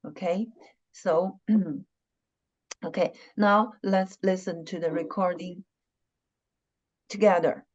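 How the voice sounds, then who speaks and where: A woman teaching an online language lesson, talking slowly and patiently and repeating syllables and tones again and again. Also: fairly low pitch, fairly even intonation, dull audio. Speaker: Chinese teacher.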